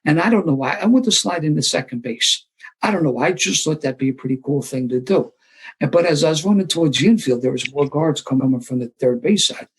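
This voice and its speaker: A man from the Philadelphia area tells a self-deprecating story to a live recovery meeting, acting out the voices he quotes. His voice is a little high, husky and animated, and he talks fast on a rough recording.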